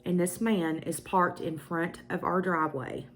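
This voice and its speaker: This beauty vlogger is a young woman with a Southern US accent, chatting casually to camera and sharing a personal story punctuated by emphatic asides. Her voice is lowish and a little slow, with fairly even intonation, and there's a slight hiss or hum in the audio.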